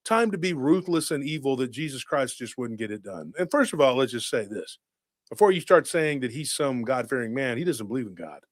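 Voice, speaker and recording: Excitable man firing off rhetorical questions. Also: medium pitch, no room sound, clean studio sound. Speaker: host. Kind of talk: casual podcast talk.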